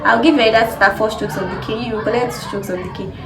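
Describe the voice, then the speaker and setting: A woman's voice: a little high, fairly even intonation, very fast, recorded from a distance, lightly acted. A woman voicing her strict disciplinarian father, a teacher, scolding in an echoey room with crowd noise behind. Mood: stern. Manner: stern, scolding.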